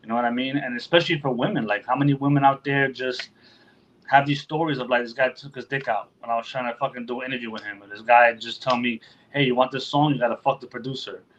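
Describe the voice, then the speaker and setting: A man talking casually as a podcast host, loose and full of swearing, who slips into other people's voices to act out what they would say. His pitch sits in an ordinary middle range. The recording sounds a little dull and lo-fi. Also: fairly even intonation, fast talker, a bit bright. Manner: loose and profane, acts out quotes in other voices. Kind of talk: casual chat.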